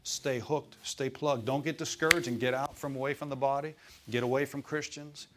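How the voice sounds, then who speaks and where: A man preaches at a middle pitch, easy and conversational. He keeps checking in with his listeners, asking questions as he goes. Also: steady tone, normal speed, a crowd in the background. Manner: acts out voices in quotes. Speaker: pastor. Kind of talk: sermon.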